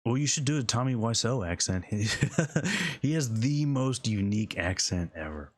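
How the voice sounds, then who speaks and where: A man's voice: lowish voice, expressive, moderate pace. A man giving casual, rambling commentary while playing a game, chuckling often and trailing off mid-thought. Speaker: gaming streamer.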